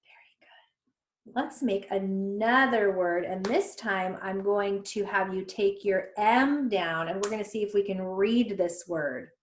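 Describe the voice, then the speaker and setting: A woman's voice: mid-range voice, measured pace, a little hiss or hum. A woman teaching a recorded phonics lesson to young children, patiently sounding out each letter one at a time. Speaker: reading intervention teacher. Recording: echoey room.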